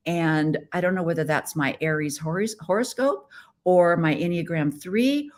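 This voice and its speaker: Playful middle-aged woman host from the Midwest, chatty on a webcam live stream, voice sits a bit low. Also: normal speed. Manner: chatty and playful, with frequent laughs. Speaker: podcast host. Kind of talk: casual live-stream chat.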